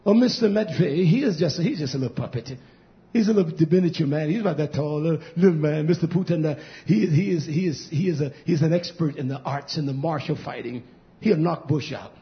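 A high-pitched man delivers a combative, rambling sermon. His voice drops to a mutter, then climbs into shouts. The recording sounds dull and lo-fi. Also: lively intonation, fairly quick. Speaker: preacher. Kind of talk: fiery sermon.

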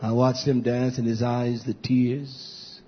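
A man preaching a sermon to his congregation, repeating phrases and building to loud, high emphatic peaks. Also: flat delivery, takes it slowly. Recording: dull lo-fi recording.

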